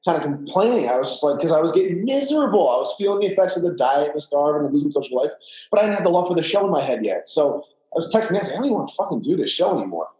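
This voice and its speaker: A man's voice: fairly high pitch, sing-song, rapid-fire, warm tone. A man talking as a podcast guest in casual chat, telling his story candidly with plenty of fillers and swearing. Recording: roomy echo.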